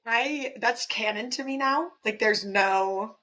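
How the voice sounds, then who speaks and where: A woman's voice: a little high, slow pace, bright, forceful tone, low-quality recording. A woman co-hosting a book podcast, chatting in a playful, casual way with many fillers. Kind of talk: casual chat.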